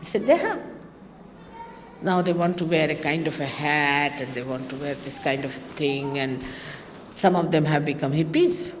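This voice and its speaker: A woman, giving a spiritual talk to her followers in a lively, teasing manner with mocking asides. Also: low voice, normal speed, slight background noise. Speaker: spiritual teacher. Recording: long reverb of a hall, faint ambience.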